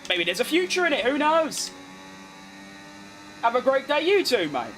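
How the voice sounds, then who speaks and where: High-voiced young British man streaming. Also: very animated, fairly bright tone, soft background music. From United Kingdom. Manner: chatty, quick reactions to the race, self-mocking. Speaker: gaming streamer. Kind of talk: live gameplay commentary while reading chat.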